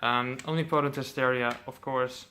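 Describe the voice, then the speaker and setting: Man vlogger, casual showcase, excited and profane, slight background noise. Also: mid-range voice, moderate pace. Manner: enthusiastic, swears casually, frequent ums. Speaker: metal CD collector vlogger.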